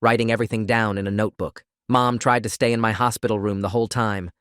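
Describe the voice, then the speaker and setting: A man narrates a first-person story in a steady, scripted reading voice. His pitch sits on the low side, and the sound is dry and close with no room echo. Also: fast, clean tone.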